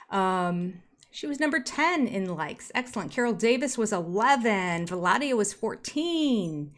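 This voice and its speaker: A woman in her sixties hosting a casual live stream, reading out viewer comments with little laughs and chatty asides. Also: mid-range voice. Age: 60s. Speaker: YouTube host reading live chat.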